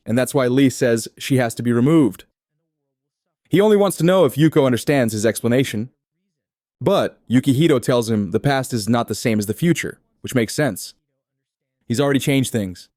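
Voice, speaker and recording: A man retelling a comic story in steady, scripted third-person narration. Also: mid-range voice, no room sound, clean studio sound. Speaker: recap narrator.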